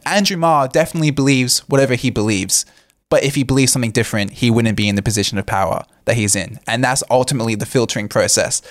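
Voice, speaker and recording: Young man, mid-pitched, earnest commentary with fillers, dry close recording. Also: fast, dry recording. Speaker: co-host. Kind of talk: casual political commentary.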